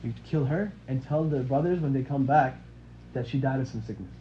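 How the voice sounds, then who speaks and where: A man's voice: medium pitch, fairly quick, pitched below the performer's own voice, close to an everyday voice. A man voicing a scheming male devil who coaxes someone into wrongdoing, talking in a casual, persuasive way, on a dull recording. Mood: coaxing. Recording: dull lo-fi audio with faint hiss.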